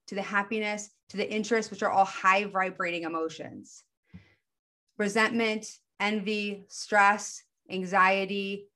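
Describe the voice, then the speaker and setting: Her pitch sits in the middle and her tone is fairly bright as this woman talks, sincere and relaxed, about spiritual self-help. She often acts out her inner voices, switching tone quickly.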